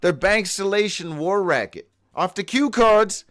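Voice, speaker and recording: A high-pitched man carries a daily live show alone, skipping from one odd phrase to the next with a lot of swearing. He stumbles over his own handwritten notes and now and then breaks into a loud whoop. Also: animated, a little slow. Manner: profane, free-associating, with sudden whoops. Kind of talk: rambling live monologue.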